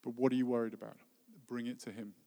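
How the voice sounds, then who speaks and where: A man, a worship leader giving an earnest, heartfelt sermon that often drops to a soft voice. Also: medium pitch, flat delivery, fast, vocal fry. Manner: earnest, heartfelt preaching with soft dropping phrases. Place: church hall. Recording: long reverb of a hall.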